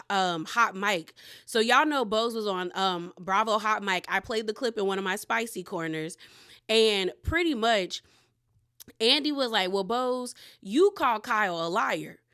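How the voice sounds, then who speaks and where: A woman's voice: mid-range voice, expressive, a little slow, a bit bright, smooth. Chatty woman recapping reality TV gossip. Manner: chatty, gossipy, frequent "like" and "girl". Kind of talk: casual recap chat.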